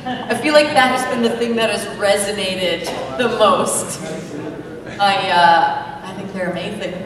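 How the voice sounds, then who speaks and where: A woman's voice: medium pitch, unhurried. A woman, a voice actor, answering fans at a convention panel in an enthusiastic way. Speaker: guest voice actor. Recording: echoey hall from far off. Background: crowd.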